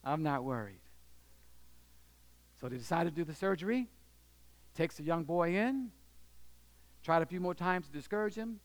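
A man with a notably high voice preaches in a church, telling his story with drama. He swings between hushed, low passages and loud, raised ones, and he acts out the people in it. He breaks off now and then to ask the congregation whether they are listening. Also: lively intonation, normal speed, long pauses. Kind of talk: sermon storytelling. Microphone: handheld or stand microphone.

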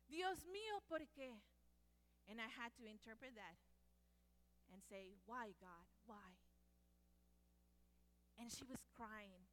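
High-voiced woman, Spanish native, telling stories. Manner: expressive, acts out the people in her stories. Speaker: speaker and former medical interpreter. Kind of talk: personal storytelling talk.

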